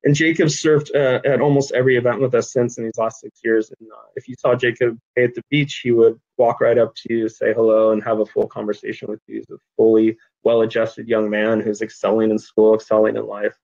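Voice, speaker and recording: A man's voice: on the low side, little pitch movement, a little fast, vocal fry, few pauses, darkish tone. Earnest middle-aged man, dull lo-fi sound. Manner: earnest storyteller, frequent ums, gets choked up. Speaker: nonprofit director, guest. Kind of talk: interview conversation.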